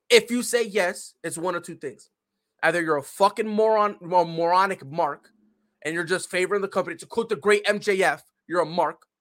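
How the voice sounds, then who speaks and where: A man's voice: high voice, fairly bright tone. A young adult man hosting a podcast, ranting in a profane, fired-up, slangy way. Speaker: podcast host. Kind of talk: opinionated casual podcast rant.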